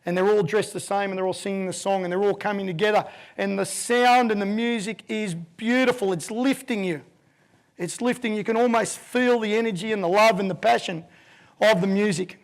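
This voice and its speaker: Man in his fifties, high voice, gravelly edge, animated storytelling keynote. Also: fairly quick. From Australia. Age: 50s. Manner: vivid, animated storyteller who acts out voices. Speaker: keynote speaker.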